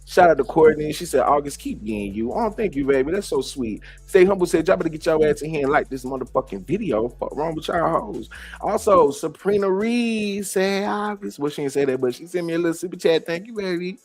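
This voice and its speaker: A man's voice: lively intonation, fairly quick, breathy edge, soft background music. Sassy profane man in gossip commentary. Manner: sassy, profane, with sudden high exclaims.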